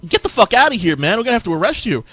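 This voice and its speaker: A man voicing an angry male dwarf who swears loudly and scolds. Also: sits high, sing-song, very fast, pitched above the performer's own voice, exaggerated voice.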